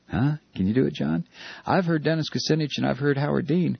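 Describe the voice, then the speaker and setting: A man's voice: a little high, brisk, vocal fry, slightly rough, no room sound, lo-fi sound. A man hosting a talk radio show, delivering a heated, sarcastic opinion monologue.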